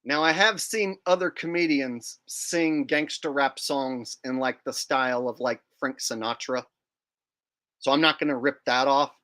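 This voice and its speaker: A man's voice: mid-range voice, steady tone, unhurried, pushed and bright. A male comedian chatting casually to online viewers, rambling and laughing at his own jokes.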